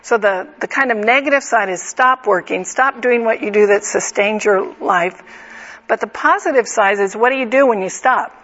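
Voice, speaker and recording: A woman's voice: on the high side, normal speed, a bit bright. A middle-aged woman teaching a Bible study group in an earnest, conversational way, asking the group direct questions. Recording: slightly dull lo-fi recording.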